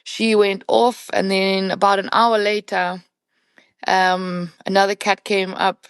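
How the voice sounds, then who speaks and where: A woman in a podcast interview, telling her story in an animated, conversational way and leaning on casual fillers. Her voice sits at a middling pitch and sounds close and dry, with no room around it. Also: slow, clear, resonant tone, no echo. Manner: animated, vivid retelling with many "you know" fillers. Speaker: professional hunting guide, podcast guest.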